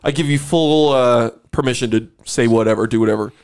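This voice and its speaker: A man's voice: medium pitch, a little fast, clean tone. A man chatting casually with friends, swearing and poking fun at himself while steering the talk. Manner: self-mocking, swears, steers the topic. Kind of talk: casual banter among friends.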